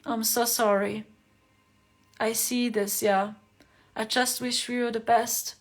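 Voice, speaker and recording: Brief: woman livestream host, gentle repetitive delivery, slightly high voice. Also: little pitch movement, takes it slowly. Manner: gentle, repeats words for emphasis. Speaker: livestream host giving spiritual readings. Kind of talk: casual livestream chat.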